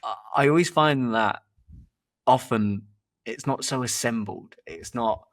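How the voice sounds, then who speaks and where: A man's voice: medium pitch, measured pace. A man, hosting a podcast and telling stories in a loose, rambling conversational way. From England. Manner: rambling, repeats words, lively when telling anecdotes. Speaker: podcast host and performance coach. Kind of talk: casual conversational storytelling.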